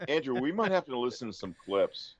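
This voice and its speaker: A man's voice: medium pitch, sing-song, a little fast. A man guest in a casual chat, joking and playful. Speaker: podcast guest. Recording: dull lo-fi sound with crowd behind.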